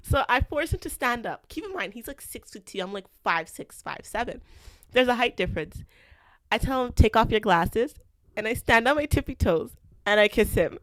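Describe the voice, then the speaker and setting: A young woman from Canada hosting a podcast, telling a school story in a chatty, animated way and acting out the quotes. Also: medium pitch, moderate pace, no echo. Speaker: podcast host. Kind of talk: casual storytelling.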